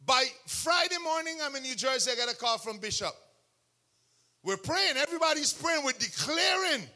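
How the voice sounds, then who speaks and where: A man preaching a sermon testimony, telling the story with animation, bursting into shouts and acting out what others said. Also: very high-pitched, big pitch swings, normal speed. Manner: acts out other people's words in quotes.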